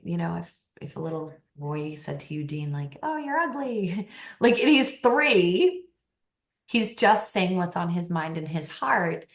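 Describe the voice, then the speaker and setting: A woman's voice: lowish voice, gravelly. A woman talking as a podcast guest, giving emphatic coaching advice and laughing often. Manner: animated and emphatic, laughs often, acts out quoted voices. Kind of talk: casual interview talk, coaching advice. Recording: roomy echo.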